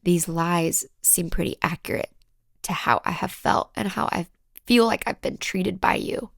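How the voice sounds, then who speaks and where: A woman hosting a solo podcast, speaking in a raw, emotional, halting way and sometimes dropping into whispers. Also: fairly low pitch, gravelly, no room sound, clean studio sound. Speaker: podcast host.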